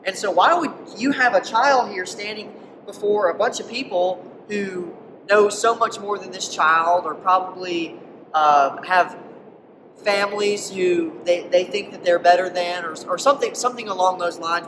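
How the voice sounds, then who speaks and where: A man's voice: high-pitched, normal speed, noisy background. Man, preacher, conversational sermon, emphatic, rhetorical questions, distant mic, long church reverb. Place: church hall.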